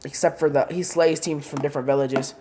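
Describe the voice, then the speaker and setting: A woman's voice: low-pitched, fairly even intonation, a little fast, dark tone. A woman casually narrating a fan-made story in long, rambling run-on sentences.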